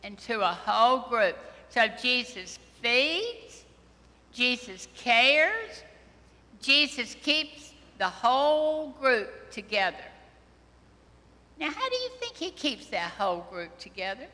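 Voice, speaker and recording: Woman pastor, bright higher voice, preaching gently to children in a reverberant church. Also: very animated. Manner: slow, gentle, questioning children directly. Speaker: priest giving a children's homily. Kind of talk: children's sermon. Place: church sanctuary.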